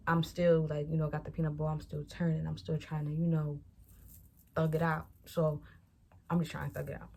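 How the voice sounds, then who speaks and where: There's a little hiss or hum behind this low-pitched young woman. A vlogger in her young adult years, she chats her way through a storytime, performing other people's lines as she retells it with animation.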